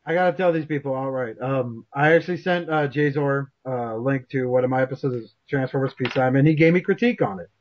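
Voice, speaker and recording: A man hosting a casual interview chat, animated and self-deprecating, swearing freely. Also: mid-range voice, fast, few pauses, dull audio. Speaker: show host.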